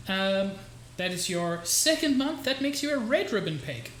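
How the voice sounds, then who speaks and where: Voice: mid-range voice, big pitch swings, normal speed, fairly bright tone, reverberant, a little hiss or hum. A game streamer chatting casually while playing and thanking viewers by name. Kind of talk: casual gameplay stream chat.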